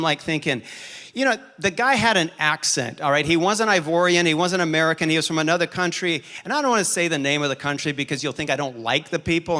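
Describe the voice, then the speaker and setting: Animated, bright-voiced man preaching. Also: a little high. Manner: animated storyteller, quick shifts in pace and loudness. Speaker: pastor. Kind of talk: sermon with personal storytelling.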